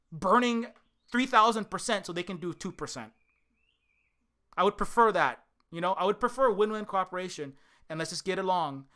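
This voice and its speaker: An indie game developer from Hawaii rants angrily and profanely straight to the camera, repeating himself and lurching from shouting to exhaustion. His voice sits on the high side with a clean tone.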